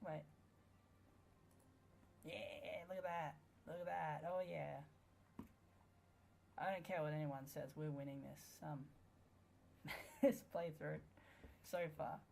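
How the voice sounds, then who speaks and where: Low, gravelly woman gaming. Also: darkish tone, a little hiss or hum. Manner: sarcastic, swearing, playful banter at the game. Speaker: gamer. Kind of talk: let's play commentary.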